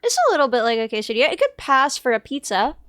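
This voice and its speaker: A woman with a high voice hosts a casual livestream, tossing in playful, teasing remarks. Her sound is dry and close. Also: sing-song, fast, a bit bright, no echo. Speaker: streamer host.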